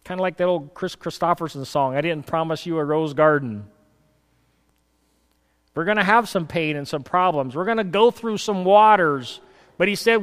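A man preaching a sermon, moving between a loud reading of scripture and soft, hushed asides, and telling folksy stories in a conversational way. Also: fairly high pitch, moderate pace, long reverb tail. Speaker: pastor. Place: church hall.

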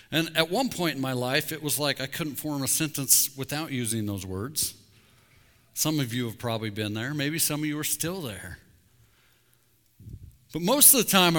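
A middle-aged man, a pastor, preaching a sermon with candid, intense confessional asides, dropping to a hush on key words. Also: mid-range voice. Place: church sanctuary. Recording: long hall reverb.

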